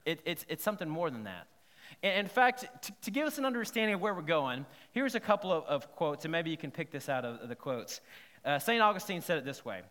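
A man preaching a sermon in a church, lively and conversational, often checking in with the congregation. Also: on the high side, fairly quick. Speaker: pastor. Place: church sanctuary. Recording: long hall reverb.

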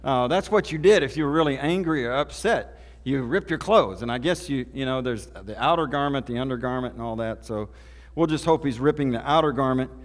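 A man pastor retells a scripture story in a relaxed, folksy way. His voice sits at an ordinary middle pitch. It rings out with the long reverb of a church sanctuary. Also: a little fast. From Oklahoma. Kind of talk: sermon. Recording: reverberant hall.

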